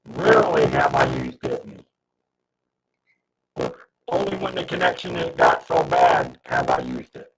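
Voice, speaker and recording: A man's voice: rumbling low, completely flat delivery, a little slow, vocal fry, pauses often, far from the mic. A man hosting a casual livestream, flustered and restarting his sentences while he fights audio trouble. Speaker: livestream host. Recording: noisy livestream audio with hiss.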